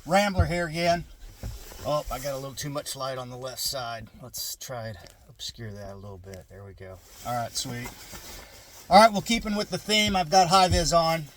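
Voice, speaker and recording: A man's voice: mid-range voice, normal speed, a bit bright, slight background noise. A middle-aged man vlogging from a parked car in his garage, musing in a rambling, casual way with restarts and asides.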